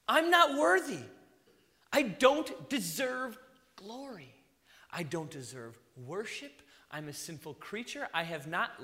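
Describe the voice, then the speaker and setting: A male preacher with a high, bright, lively voice delivers a sermon. He swings from loud emphasis down to soft near-whispers. A long hall reverb trails his words. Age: young adult to middle-aged, a father.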